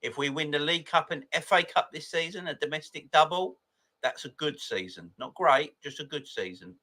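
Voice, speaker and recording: Host: excitable man in his forties, bright forceful voice, casual live-chat energy. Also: fairly high pitch, normal speed. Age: 40s. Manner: excitable, laughs often, greets viewers by name. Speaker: football fan channel host. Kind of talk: casual live chat reading viewer comments.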